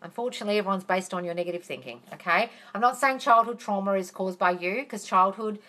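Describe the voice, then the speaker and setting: A woman's voice: mid-range voice, quick pace, pushed and bright. A woman hosting a live question-and-answer stream, answering viewers in a chatty, reassuring way and calling them darling. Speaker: manifesting coach hosting a live Q&A.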